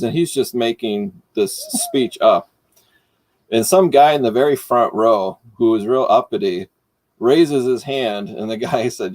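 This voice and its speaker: A middle-aged man from Michigan, hosting and casually telling a story, animated and laughing as he goes. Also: mid-range voice, unhurried, no room sound. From Michigan, United States. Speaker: host.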